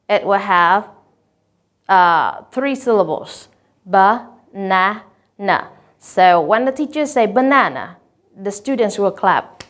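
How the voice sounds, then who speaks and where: A woman giving a teacher-training talk on teaching vocabulary, speaking clearly and deliberately and drawing out example words slowly. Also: medium pitch.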